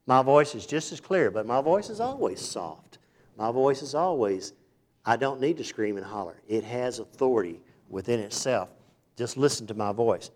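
A man preaching a sermon in a folksy, conversational way, dropping to hushed asides and rising to sudden loud bursts. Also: medium pitch, lively intonation, a little fast. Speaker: pastor.

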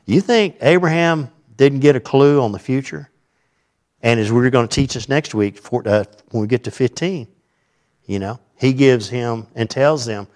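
A pastor with a medium-pitched voice, speaking at normal speed, teaches through a scripture passage in a conversational sermon full of asides. He swings widely between loud emphasis and quiet remarks.

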